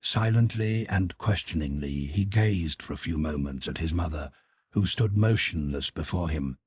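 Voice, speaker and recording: Deep, husky male audiobook narrator. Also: normal speed, a little mellow, no echo. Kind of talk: scripted narration.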